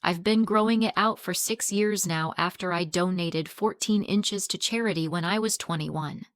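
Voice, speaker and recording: A woman's voice: fairly low pitch, normal speed, clear, resonant tone, no echo. Earnest young woman telling a story, dry sound. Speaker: story narrator. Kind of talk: reading a first-person online story.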